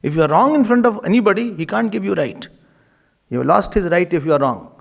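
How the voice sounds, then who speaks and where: An Indian man speaks as a swami in a devotional talk, high-pitched and swinging widely in tone. A gravelly fry runs under his words, and he breaks into laughter as he tells jokes. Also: quick pace. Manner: animated, laughs often, tells jokes, mixes in Hindi words. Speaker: swami giving a spiritual talk.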